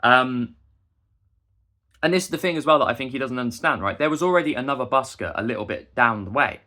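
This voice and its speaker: A man's voice: mid-range voice, expressive, fast, pushed and bright. A young man, delivering a heated, indignant rant straight to the camera. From England. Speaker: busker and vlogger. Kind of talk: ranting monologue to camera.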